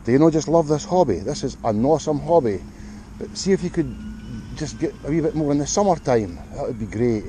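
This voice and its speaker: A man's voice: a little high, expressive, brisk, dark tone, a little hiss or hum, low-quality recording. A Scottish man in a cold field, giving upbeat, chatty running commentary to his viewers as he digs for finds. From Scotland. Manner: chatty, upbeat, talks straight to the viewers while digging. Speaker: metal detecting vlogger.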